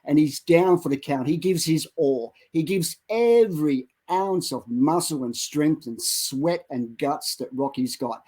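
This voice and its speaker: A middle-aged man co-hosting a Christian show, preaching with dramatic retellings that build to loud exhortations. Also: on the high side, animated, unhurried, few pauses, breathy edge, poor audio. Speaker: co-host of a Christian online show. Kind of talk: impassioned preaching and storytelling.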